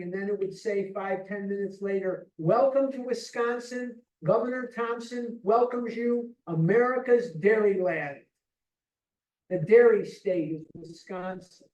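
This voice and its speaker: A man's voice: sits high, darkish tone. A man of about seventy from the Chicago area, sharing his story at a recovery retreat with heartfelt emphasis and frequent restarts. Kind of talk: personal testimony talk. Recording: roomy hall, mic far off.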